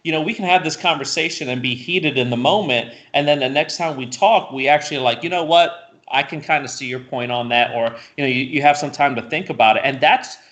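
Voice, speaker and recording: A man co-hosting a casual political talk show, animated and ranting, who repeats words and restarts often. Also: medium pitch, brisk. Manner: laughs often, swears casually. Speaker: co-host.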